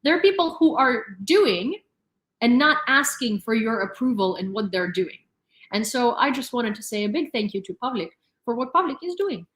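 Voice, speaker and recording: A young woman with a fairly high, slightly bright voice hosts a live news stream at normal speed, very animated. Her casual commentary rambles with lots of fillers and frequent laughter, and the room gives an echo.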